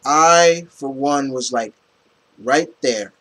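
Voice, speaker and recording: A man giving a casual, rambling movie review, animated and full of restarts and fillers. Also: medium pitch, takes it slowly, rough recording.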